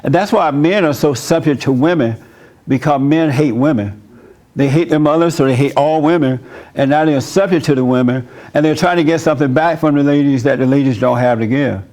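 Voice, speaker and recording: A man with a slightly higher voice preaches a loose, conversational sermon in church. He drifts into personal stories and laughs easily between his points. His tone is plainspoken and direct, as if he is talking with the congregation. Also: fairly quick, a little mellow. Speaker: pastor.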